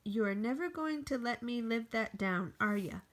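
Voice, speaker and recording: A woman reading aloud, voicing a nervous, fussy storybook squirrel in a slow, lively voice. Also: on the high side, a little hiss or hum. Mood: defensive.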